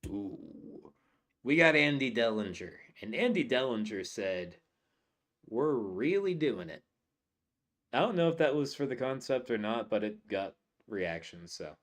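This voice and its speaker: A man's voice: medium pitch, big pitch swings, a little slow, fairly bright tone. A man co-hosting a comedy podcast, reading out listener jokes from the chat with laughs in casual talk.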